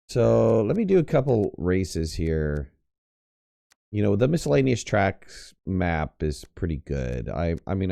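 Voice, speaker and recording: A man's voice: deep voice, gravelly, dark tone, no echo, clean studio sound. A man hosting a live gaming stream, chatting in a rambling, hesitant way with lots of fillers and restarts. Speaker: game streamer host. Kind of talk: casual live-stream chat while gaming.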